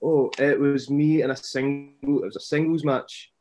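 A young man with a Scottish accent, a wrestler chatting casually as a podcast guest and telling stories in an animated way. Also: medium pitch, moderate pace. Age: young adult.

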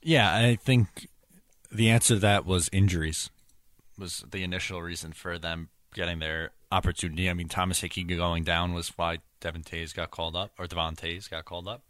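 A man co-hosting a casual sports podcast, relaxed and teasing, steering the conversation along. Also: sits low, normal speed, dry recording, clean studio sound. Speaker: podcast co-host.

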